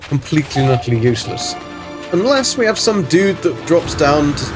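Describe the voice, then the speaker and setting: A man's voice: on the high side, big pitch swings, brisk, music in the background. A man from Germany hosting a livestream, chatting casually as he plays, rambling and swearing playfully. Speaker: livestream host. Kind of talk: casual gaming commentary.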